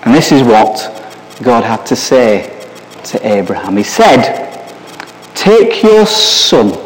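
Preacher with a slow, searching delivery. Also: male voice, mid-range voice, animated, a little hiss or hum. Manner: asks the listeners many searching questions. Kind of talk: sermon. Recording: long hall reverb.

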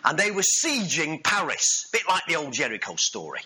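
A male preacher, giving a sermon with animated storytelling and jokes with the congregation. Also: a little high, brisk, slightly rough, rough recording.

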